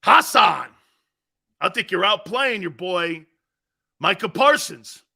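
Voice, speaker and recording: An energetic male sports talk host whose voice runs a little high and bright. He rambles through stories in a casual, chatty way and stops to read viewer comments out loud. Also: measured pace.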